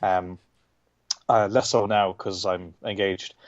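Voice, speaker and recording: A man's voice: low voice, steady tone, slow, no echo, dull audio. A man in his thirties with an Irish accent, chatting casually as an interview guest, rambling and swearing freely. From Ireland. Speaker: guest comic artist.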